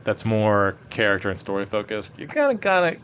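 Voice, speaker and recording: A man's voice: lowish voice, big pitch swings, a little fast, fairly bright tone, a little hiss or hum. A man co-hosting a podcast, giving rambling, opinionated takes on a film with lots of fillers. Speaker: podcast co-host. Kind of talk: casual film discussion.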